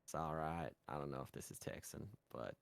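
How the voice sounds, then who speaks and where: A man's voice: very deep voice, moderate pace, vocal fry. A British man, a guest creator of ASMR roleplays, talking casually over a voice call and circling around his points. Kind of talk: casual chat.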